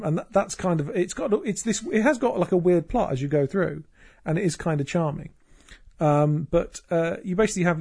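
A man's voice: mid-range voice, warm tone. A man hosting a casual podcast, rambling with many fillers and restarts. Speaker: podcast host. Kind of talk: casual chat.

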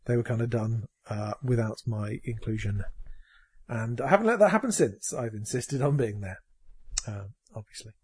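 A man hosting a casual games podcast, animated and jokey, with quick asides. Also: medium pitch, slightly rough. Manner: animated, jokey, slips into silly impressions. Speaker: podcast host. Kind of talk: casual chat.

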